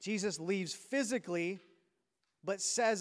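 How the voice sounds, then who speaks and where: A man's voice: high-pitched, expressive, a little slow. A man preaching a sermon, telling a personal story in a conversational way before building to a fervent exhortation. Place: large church hall. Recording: reverberant church hall.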